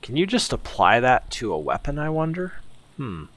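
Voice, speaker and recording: A man giving relaxed, casual let's-play commentary, musing to himself as he explores. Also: medium pitch, normal speed, no echo. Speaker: gameplay commentator.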